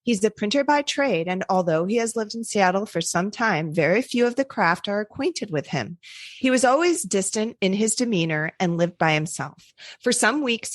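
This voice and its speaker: A woman's voice: lowish voice, no echo, studio quality. A woman hosting a casual podcast, reading an old newspaper ghost story aloud with chatty asides. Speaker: podcast host.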